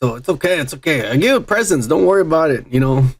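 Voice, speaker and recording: A man's voice: fairly high pitch, animated, fast. A man co-hosting a podcast in profane, rambling casual chat, drinking as he talks and repeating "yeah, yeah" over and over. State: drinking on air. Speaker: podcast co-host.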